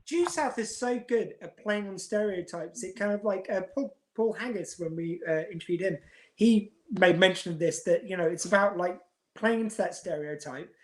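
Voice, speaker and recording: A woman's voice: medium pitch, normal speed, a little mellow. A woman from the UK co-hosting a casual chat podcast, leading the talk with questions. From United Kingdom. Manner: chatty, leads the discussion with questions. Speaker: podcast co-host.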